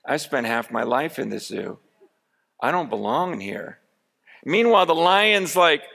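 A man preaching a sermon, telling a story with lively energy that rises to shouts. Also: on the high side, measured pace, gravelly, slightly rough. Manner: storytelling, animated, rising to shouts. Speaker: pastor.

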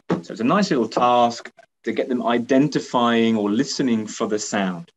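Slow, patient man training teachers. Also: mid-range voice. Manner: slow, patient, repeats himself, often asks okay?; acts out lively teacher praise to pupils.

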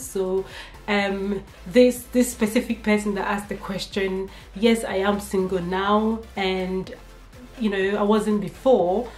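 A woman's voice: medium pitch, a little mellow. Chatty young woman vlogger, echoey room. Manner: chatty and candid, laughs often, many fillers; nervous talking about herself. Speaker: beauty vlogger. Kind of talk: casual get-to-know-me Q&A. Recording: echoey room with faint music.

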